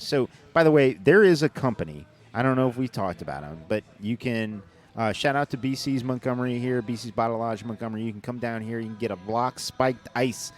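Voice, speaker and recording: Guy cohosting a podcast, rambly, keeps restarting, jokey. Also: mid-range voice. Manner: joking, sarcastic. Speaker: podcast co-host. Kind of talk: casual chat.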